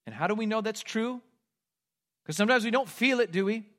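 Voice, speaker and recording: A man preaching a sermon, reading scripture aloud and moving between loud, pleading cries and hushed, quiet lines. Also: high voice, lively intonation, a little fast. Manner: reads scripture aloud with emphasis. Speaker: pastor.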